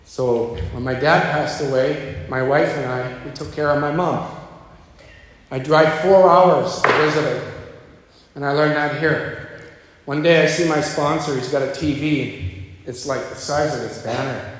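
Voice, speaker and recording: A man telling his own recovery story at a meeting, slipping into a lower voice when he quotes others. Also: measured pace, a little hiss or hum. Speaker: speaker sharing at a recovery meeting. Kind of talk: personal recovery talk. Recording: echoey hall, faint ambience.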